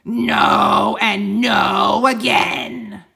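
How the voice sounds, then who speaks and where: A woman voicing a huge, hungry, grumpy male dragon in a storybook reading, roaring slowly and loudly. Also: mid-range voice, creaky, reverberant, exaggerated voice. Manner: roaring, slow and loud.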